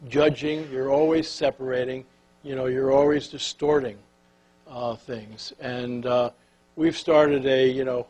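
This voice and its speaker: An older man giving a talk on leadership, telling a story in a folksy, animated way and sinking to a soft, hushed voice at the tender moments. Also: medium pitch, measured pace, breathy edge, low-quality recording. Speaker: speaker on leadership.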